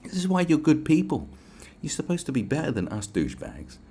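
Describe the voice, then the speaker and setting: A man's voice: fairly high pitch, wildly swooping pitch, fairly quick, dark tone, a little hiss or hum. A man with a British accent hosting a podcast, ranting in a casual, profane, sarcastic way. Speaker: podcast host.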